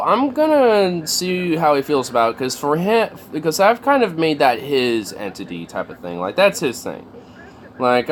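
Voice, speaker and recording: A man's voice: medium pitch, slight background noise. A man chatting casually on a livestream, rambling and swearing, with lots of fillers. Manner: rambling, profane, many fillers.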